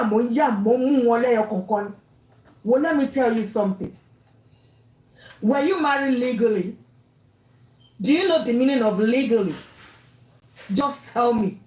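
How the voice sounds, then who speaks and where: A woman's voice: high voice, darkish tone, echoey room, rough recording. A woman with a Nigerian accent ranting angrily and scolding, mixing English, Pidgin and Yoruba. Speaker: online commentator. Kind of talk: angry rant.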